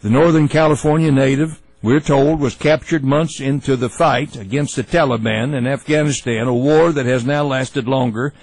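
A man hosting a talk radio show, giving opinionated commentary in a folksy, halting way with many fillers and restarts. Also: mid-range voice, fairly even intonation, a little mellow, no room sound, rough recording.

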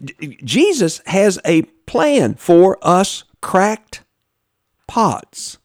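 A man preaches a sermon very slowly and very animatedly, recorded in a clean studio with no echo. Folksy and emphatic, he speaks directly to his congregation with big pitch swings, repeats and many restarts.

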